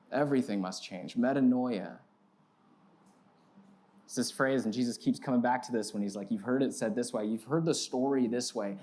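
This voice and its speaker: A man's voice: lowish voice, a little mellow. A man in his thirties preaching as a pastor, telling a self-mocking story with big swings in his voice. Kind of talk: storytelling sermon. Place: church sanctuary.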